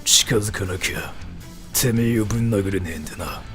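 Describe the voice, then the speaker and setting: A man voicing a stoic, tough young male anime hero in a low, gruff growl. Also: very fast, fairly bright tone, soft background music, natural voice. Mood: gruff cool.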